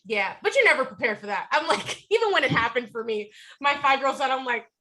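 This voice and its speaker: A woman with a New York accent talks in a high, bright voice. She chats casually as an interview guest, animated and quick to laugh. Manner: lively, laughs often, animated storytelling. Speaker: actress guest.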